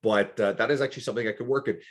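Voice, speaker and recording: A man hosting a podcast, chatting casually and quickly, with offhand swearing. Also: mid-range voice. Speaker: podcast host.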